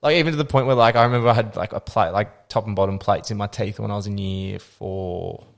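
A young man talks openly in casual podcast chat. His voice sits on the low side. He swears easily and laughs at himself. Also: steady tone, fast, vocal fry.

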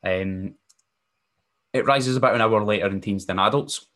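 Male podcast host, fairly low voice, easygoing rambling delivery with ums and restarts. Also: moderate pace, a bit bright. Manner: casual, rambling, frequent fillers and self-corrections. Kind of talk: solo podcast talk.

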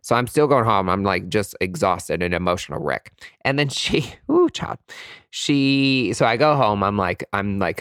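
A man tells a personal story with flamboyant, animated energy. His low voice swings wildly in pitch, leaping up high for quoted lines. The sound is dry and close. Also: moderate pace, dry recording. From East Tennessee, USA.

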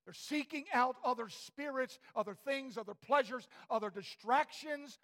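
A male preacher giving a fervent sermon in a church, swinging from shouts to near whispers. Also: very high voice, normal speed.

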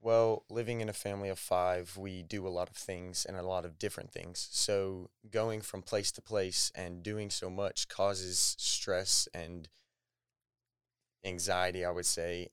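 A man's voice: deep voice, fairly bright tone, smooth, no echo, studio quality. A young man, a podcast guest, giving shy, hesitant, short answers in a casual interview.

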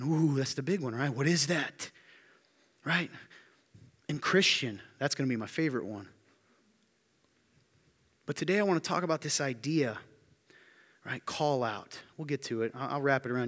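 A man preaching a sermon to his congregation, emphatic and often asking the room rhetorical questions. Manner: emphatic, building to loud high-pitched intensity. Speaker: pastor. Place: church hall. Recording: long hall reverb.

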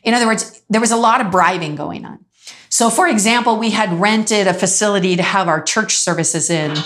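A woman preaching in a relaxed conversational way, telling stories, acting out the people she quotes and laughing now and then. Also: medium pitch, fairly quick, a little hiss or hum. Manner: animated storytelling, acts out quoted voices, laughs often. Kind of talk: conversational sermon with storytelling.

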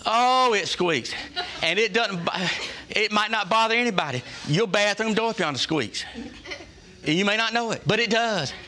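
A workplace leader addresses his staff in a preacher-like culture talk, folksy and emphatic, returning to the same phrases and quizzing the room. His high, bright voice is forceful and animated at a moderate pace, with slight background noise.

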